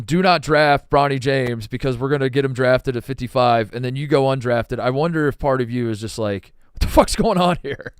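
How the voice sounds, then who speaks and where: Man, sports podcast co-host, smooth resonant voice, dry close sound, rambling and profane. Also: medium pitch, no room sound. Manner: rambling, profane, trails off and restarts. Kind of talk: casual sports chat.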